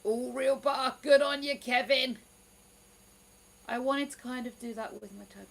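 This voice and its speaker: Livestream host: woman, slightly high, chatty and exclamatory, reading viewer comments. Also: normal speed, creaky, low-quality recording. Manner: chatty, exclamatory, lots of "ooh".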